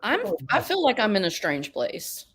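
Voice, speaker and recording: A woman's voice: medium pitch, huge pitch swings, normal speed, fairly bright tone, husky. A woman co-hosting a podcast, chatting casually with dry quips and bits of trivia. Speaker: podcast co-host. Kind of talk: casual chat.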